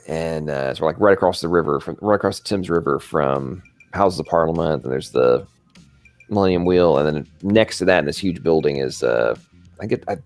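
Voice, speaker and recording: A man's voice: low-pitched, darkish tone, no echo. A man with an American accent who grew up in England, hosting a live stream and telling a rambling story, often tagging his lines with "right?". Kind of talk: casual chat, storytelling.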